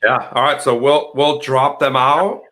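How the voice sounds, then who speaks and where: A man's voice: mid-range voice, steady tone, measured pace, pushed and bright. A man co-hosting a casual livestream chat in a laid-back, easygoing way. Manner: laid-back, says dude. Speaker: livestream co-host.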